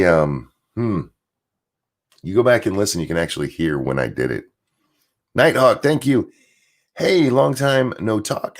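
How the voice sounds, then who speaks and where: Hoarse, lively-pitched man ranting. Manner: blunt, rambling, reads out viewer messages. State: strained, hoarse voice. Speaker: streamer and show host. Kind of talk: casual political rant on a live stream. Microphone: desk mic.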